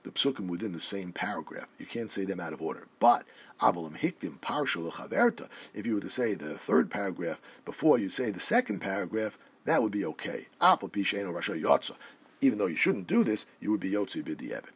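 A man with a fairly low, somewhat husky voice teaches a halacha lesson. He reads each Hebrew phrase slowly and deliberately, then explains it in plain English. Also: sing-song. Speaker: Torah teacher.

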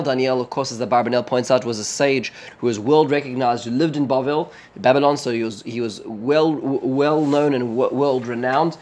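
A man teaching a text study lesson, reading verses aloud and translating them, halting and often repeating and restarting his words. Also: mid-range voice, a little mellow. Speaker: religious teacher.

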